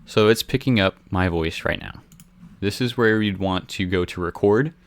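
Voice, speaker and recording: A young man walking beginners through music software in a casual, rambling way, joking about himself as he goes. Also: sits low, normal speed. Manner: relaxed, rambling, self-deprecating. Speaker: music software tutorial host. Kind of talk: casual screen-recorded tutorial. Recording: faint music from the software behind. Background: faint music track.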